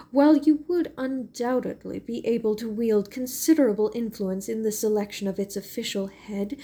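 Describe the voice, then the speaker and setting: A woman's voice: on the high side, mellow. A woman reading a storybook voices a sarcastic, formal male guardian's letter.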